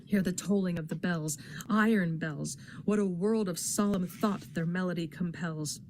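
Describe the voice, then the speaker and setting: Woman reading verse aloud, fairly low voice, dramatic delivery, faint background hiss. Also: moderate pace, a little mellow. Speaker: poetry reader in a readathon.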